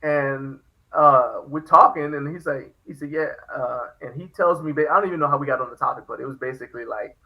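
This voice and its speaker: A man's voice: medium pitch, vocal fry, lo-fi sound. A man hosting a podcast, telling a story in casual chat and acting out the quoted lines. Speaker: podcast host.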